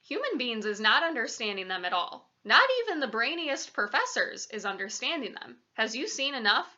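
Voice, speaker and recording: A woman's voice: fairly high pitch, sing-song, normal speed, sharp tone, dull audio. A woman reading as the kindly BFG. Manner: ungrammatical, kindly lecturing. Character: big friendly male giant, gentle, mangled grammar. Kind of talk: storybook read-aloud.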